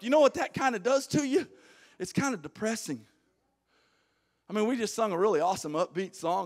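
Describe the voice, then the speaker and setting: A male pastor preaching a sermon, dropping to hushed low lines and rising to shouted calls.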